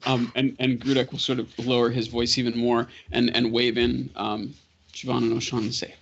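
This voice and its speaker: A man's voice: mid-range voice, flat delivery, normal speed, vocal fry. Hesitant man describing his turn. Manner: hesitant, lots of filler. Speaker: player. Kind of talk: tabletop game play. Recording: slightly dull lo-fi audio.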